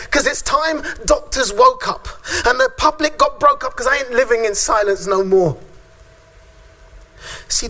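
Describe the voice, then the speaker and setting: A man with a notably high voice performs spoken word poetry. He recites with a steady rhythm and leaves long, deliberate pauses between lines. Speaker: father speaking at a conference.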